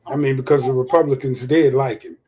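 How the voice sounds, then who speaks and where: A man's voice: medium pitch, fairly even intonation, brisk, warm tone. A man hosting a livestream of casual political commentary, profane and repeating his points for emphasis. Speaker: livestream host.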